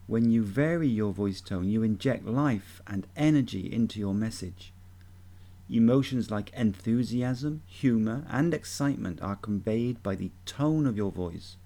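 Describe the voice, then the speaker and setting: A man giving a measured, deliberate instructional talk as a voice coach. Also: fairly low pitch, warm tone.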